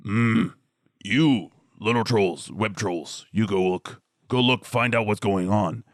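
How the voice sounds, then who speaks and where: A huge, dim-witted troll boss, as a man puts him on for a tabletop game. He talks slowly in short, broken phrases and barks orders. The sound is dry and close. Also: on the low side, no room sound. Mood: grumpy. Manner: broken simple speech, slow and bossy.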